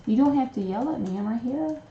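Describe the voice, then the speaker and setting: A woman's voice: fairly high pitch, animated, a little fast, background noise. A woman hosting a live stream, coaxing her pet bird in sing-song baby talk. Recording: roomy, slightly muffled home recording.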